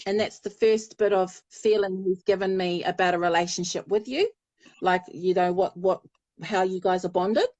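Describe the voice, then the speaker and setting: A woman's voice: mid-range voice, moderate pace, darkish tone, dry recording, muffled recording. A woman giving a live psychic reading, chatty and affectionate, often laughing. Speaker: spiritual medium.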